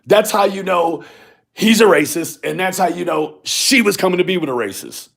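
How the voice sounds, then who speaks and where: Gravelly man ranting. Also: sits high, moderate pace. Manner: animated, profane, mocking, acts out others' lines. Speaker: video blogger. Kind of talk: profane storytelling rant.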